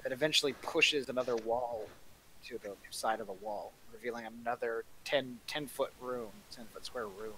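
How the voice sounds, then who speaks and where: A man's voice: medium pitch, sharp tone, poor audio. Casual male dungeon master, faint hiss. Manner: casual, halting descriptions with fillers. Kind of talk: narrating a tabletop game over voice chat.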